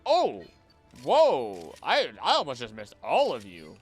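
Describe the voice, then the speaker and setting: A man chatting casually on a live gaming stream, jokey and animated, talking to the creatures on screen. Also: mid-range voice, normal speed, slightly rough, faint music behind. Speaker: streamer and voice actor.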